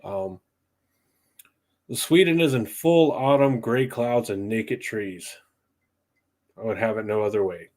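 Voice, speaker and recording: A young man with a fairly low voice talks through his thoughts on a casual livestream podcast. He rambles and circles back, filling pauses with ums. He grew up in the southeastern United States. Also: a little mellow. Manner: rambling, thinks aloud with many ums. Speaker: podcast host.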